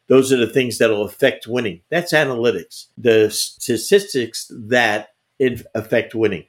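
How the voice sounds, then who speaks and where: Speaking at a measured pace with hardly any pauses, an older veteran basketball coach uses a mid-range voice in an interview. He tells emphatic anecdotes conversationally, repeating words and often starting over.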